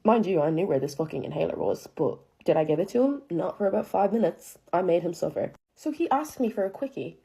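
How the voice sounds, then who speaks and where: Her voice is lowish, gravelly and warm, and she talks briskly and animatedly with hardly a pause. The young woman dramatically relates a personal tale, swearing casually, leaning hard on "like," and sounding incredulous throughout.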